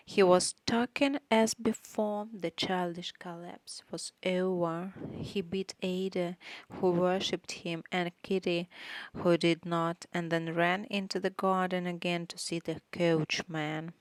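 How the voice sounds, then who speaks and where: A woman reading a novel aloud in a measured, even way. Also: fairly low pitch, no room sound. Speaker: audiobook reader. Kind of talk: audiobook narration.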